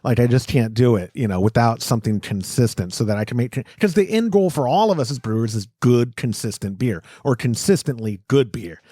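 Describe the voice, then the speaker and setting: A man hosting a casual homebrewing podcast, talking in an animated way with frequent restarts and easy laughs. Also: medium pitch, a little fast, few pauses, no room sound, studio quality. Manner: animated, restarts sentences often, laughs easily. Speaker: podcast host.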